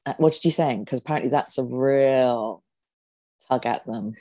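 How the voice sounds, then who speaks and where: A woman's voice: very deep voice, normal speed, mellow. A woman co-hosting a podcast over a video call, chatting playfully with lots of teasing and giggles. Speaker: podcast co-host. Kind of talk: casual chat.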